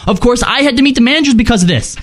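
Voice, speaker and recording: A man's voice: extremely high pitch, animated, very fast. A man co-hosting a casual gaming podcast, profane and joking as he reads patch notes and listener emails. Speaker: podcast co-host.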